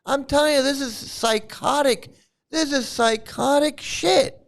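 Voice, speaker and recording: A man's voice: very high-pitched, a little slow, creaky. A man hosting a reaction commentary over a replayed stream, ranting and mocking in a scornful way. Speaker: commentary host.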